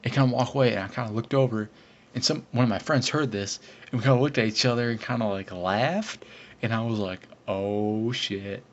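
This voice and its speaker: A man's voice: medium pitch, quick pace. A teenage boy telling a long story from his school days in a casual, rambling way, with lots of fillers and restarts. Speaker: vlogger. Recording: dull lo-fi recording with faint hiss.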